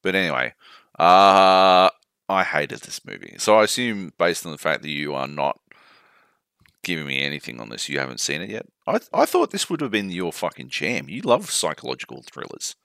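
Deep, lively Australian man, sweary banter. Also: normal speed, vocal fry, clean tone, no room sound, studio quality. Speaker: podcast co-host. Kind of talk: casual chat. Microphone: laptop mic.

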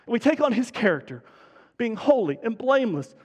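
This man's voice is very high-pitched, swinging widely in pitch as he talks fairly quickly. Preaching as a pastor in a church sanctuary, he's fervent and urgent, often stumbling and restarting, while the church's long hall reverb trails behind him.

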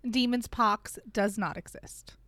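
A woman reading the lines of a calm, proper young man in a prim, formal way. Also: mid-range voice, a little slow, no room sound, natural voice.

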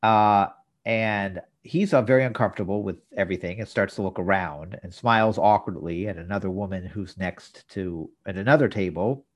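A man's voice: deep voice, moderate pace. A man co-hosting a podcast, retelling a sitcom episode's plot in detail with dry asides. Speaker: podcast co-host. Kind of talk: casual episode recap.

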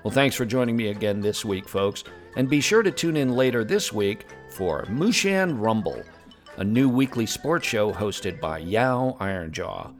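A man's voice: lowish voice, very animated, a little slow, faint music behind. A man voicing a young male Pandaren journalism student who hosts an in-character tavern review podcast in an upbeat, folksy way. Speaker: host.

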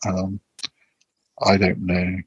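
Husky-voiced man hosting a quiz. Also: sits low, monotone, drawn-out words, dry recording, dull audio. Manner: hesitant, lots of ums and restarts. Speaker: podcast host. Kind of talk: casual chat, reading quiz questions.

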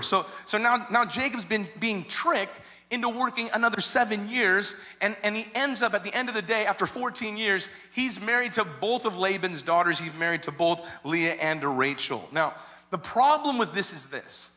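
Male pastor, high bright voice, animated storytelling sermon, repeats himself often. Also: moderate pace. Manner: frequent repeated words and restarts.

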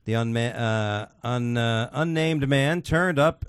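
A man's voice: medium pitch, takes it slowly, clean tone, no room sound, clean studio sound. A man hosting a podcast, chatting casually and reading out odd news stories in a crude, swearing, laughing way. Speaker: podcast host.

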